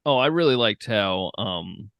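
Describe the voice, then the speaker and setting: Low-voiced man in casual movie chat. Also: a little slow, no room sound, highs cut off. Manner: relaxed, laughs often, acts out reactions in quotes. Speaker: podcast co-host.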